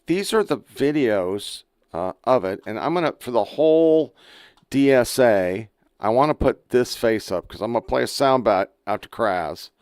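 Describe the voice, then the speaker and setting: A man's voice: medium pitch, expressive, moderate pace, a little mellow, smooth, dry recording. A man from the United States hosting a political podcast, ranting crudely and with exasperation while playing clips. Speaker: podcast host. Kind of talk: profane political commentary.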